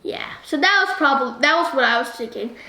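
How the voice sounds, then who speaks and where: A high, bright-pitched woman talks through a movie review, tossing question after question at her viewers. The room around her rings with a noticeable echo. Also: brisk. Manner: keeps asking the viewer questions, animated. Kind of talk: chatty video review. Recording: roomy echo.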